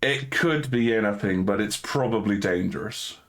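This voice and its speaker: A man's voice: fairly low pitch, normal speed. A man running a tabletop game as game master, narrating the scene and wryly teasing the players about their dice. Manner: wry, teasing about bad dice rolls.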